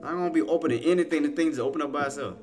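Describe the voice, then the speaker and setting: A man's voice: fairly high pitch, racing, over music. A man giving casual, rambling live trading commentary, talking to himself, laughing often and using slang. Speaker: stock trading streamer.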